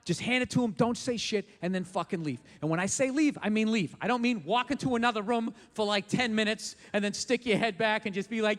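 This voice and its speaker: Ranting high-voiced man doing stand-up. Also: fairly quick, hardly any pauses, long reverb tail. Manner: profane, ranting, bursts of shouting. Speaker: stand-up comedian. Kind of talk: stand-up comedy rant.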